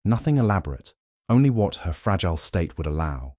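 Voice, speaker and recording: A shrewd, theatrical detective, voiced by a male audiobook reader lays out his case in a low, deep voice. He is measured and grand, slipping into French now and then. The sound is close and dry. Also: big pitch swings, mellow, no echo. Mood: accusing. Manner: measured, dramatic accusations with French phrases. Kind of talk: audiobook character reading.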